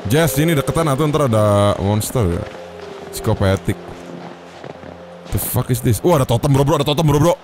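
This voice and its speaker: A man's voice: mid-range voice, expressive, fast talker, long pauses, music in the background. A young man with an Indonesian accent doing a let's-play commentary, crude and joking, swearing often. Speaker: gaming host.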